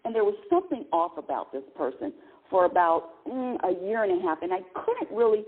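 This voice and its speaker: A woman in her sixties hosts a talk radio show and tells stories in an animated, exclamation-filled way, her pitch swooping widely. Her voice has a husky edge. The sound is thin and tinny, like a phone line. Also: brisk. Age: 60s. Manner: animated storytelling with laughs and exclamations. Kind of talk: casual spiritual talk radio monologue.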